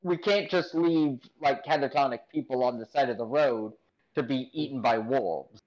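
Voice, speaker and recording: A man's voice: medium pitch, normal speed, darkish tone, dull audio. A man playing in an online tabletop game, earnest and filling his talk with "like". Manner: fills with "like", earnest. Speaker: player. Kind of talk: casual game chat.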